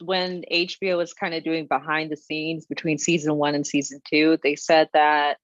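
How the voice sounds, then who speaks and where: A woman recounting things in a relaxed way during a casual group discussion, on a slightly dull recording. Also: sits low, moderate pace, dry recording. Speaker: table read participant. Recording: slightly dull, dry sound.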